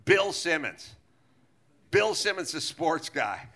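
A middle-aged man hosting a live comedy podcast, telling profane stories in an animated way and laughing as he talks. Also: a little high, takes it slowly. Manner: animated, swearing, laughs mid-sentence. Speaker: podcast host. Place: live show on stage.

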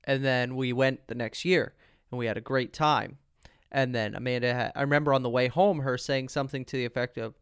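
A man's voice: mid-range voice, fairly even intonation, fairly quick, clear, resonant tone, no echo, clean studio sound. A man hosting a podcast, telling a long personal story in casual chat with some fillers. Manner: earnest storyteller, many fillers. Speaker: podcast host.

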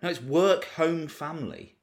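A man's voice: on the high side, normal speed, gravelly. A man co-hosting a casual comedy podcast. He chats, jokes and laughs often. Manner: chatty, laughs often, lively intonation. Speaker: podcast co-host.

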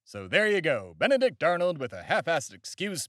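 A man's voice: on the high side, very animated, normal speed, fairly bright tone, no room sound, studio quality. A man hosting a satirical comedy podcast in a pompous, blustering character voice.

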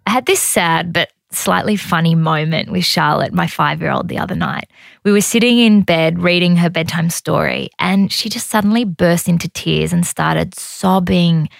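Chatty woman with gravelly fry. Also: fairly low pitch, normal speed, no room sound. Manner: chatty, candid anecdotes. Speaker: podcast host. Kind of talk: casual storytelling and interviewing.

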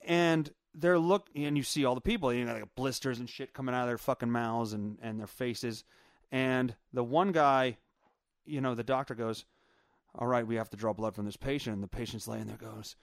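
A man hosting his own podcast, telling a long story in a rambling, profane, animated way. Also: mid-range voice, moderate pace, no room sound, studio quality. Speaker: podcast host. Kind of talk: casual storytelling monologue.

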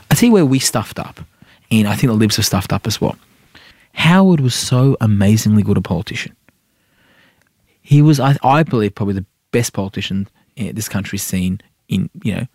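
Fast-talking man, rambling. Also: on the low side, a little mellow, no room sound, studio quality. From Iran. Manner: rapid, rambling, heavy fillers, asks "right?" often. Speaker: senator and podcast guest. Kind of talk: casual interview chat.

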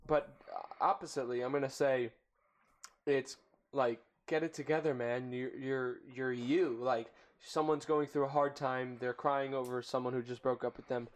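An animated man chatting casually through a guessing game. He jokes and swears freely, and his voice swings widely in pitch as he riffs. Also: normal speed.

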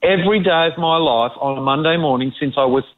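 An emphatic Australian man co-hosting a radio chat, his voice sitting fairly high for a man. He comes through a thin, tinny, phone-like line. He talks with conviction and pokes fun at critics. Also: fairly quick. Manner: emphatic, mocks critics in put-on quoted voices. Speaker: co-host.

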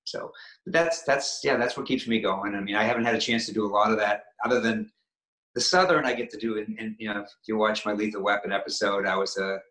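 A middle-aged man with a Maine accent talks in a halting, restarting way. His voice is forceful and bright. It is recorded with a roomy echo. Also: lowish voice. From Maine, USA. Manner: halting, many restarts and fillers. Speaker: guest actor. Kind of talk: casual interview chat.

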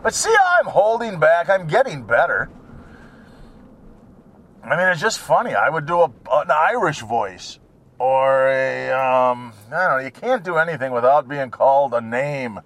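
A man's voice: on the high side, very animated, unhurried, a bit bright. A man ranting sarcastically and rambling from topic to topic while he drives his car, swearing now and then. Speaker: vlogger. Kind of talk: rambling driving vlog.

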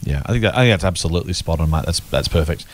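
A man, hosting a casual investing podcast chat, emphatic and lively. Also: sits low. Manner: animated, emphatic, quick-talking. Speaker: podcast host.

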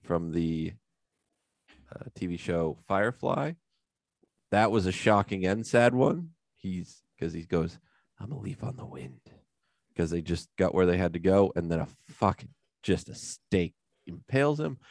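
Low gravelly guy, laid back, jokey, shouts a line sometimes. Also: lively intonation, unhurried, dry recording, clean studio sound. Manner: laid-back, joking, acts out lines loudly. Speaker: podcast co-host. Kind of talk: casual chat.

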